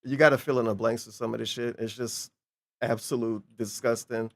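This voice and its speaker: A man's voice: medium pitch, fairly even intonation, brisk. A man streaming a casual reaction commentary, sarcastic and incredulous, swearing freely as he mocks the clip.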